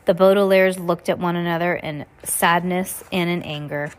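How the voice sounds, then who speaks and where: A woman reading a children's novel aloud in a plain, unhurried way, with occasional stumbles. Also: on the low side, fairly even intonation. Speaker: reader.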